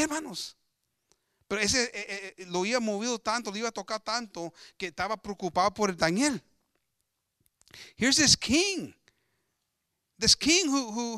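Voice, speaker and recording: A man's voice: extremely high pitch, pushed and bright, no room sound, clean studio sound. A man preaching an emphatic bilingual sermon, switching between Spanish and English and often calling out to his congregation. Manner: emphatic, repetitive, addressing the congregation as brothers.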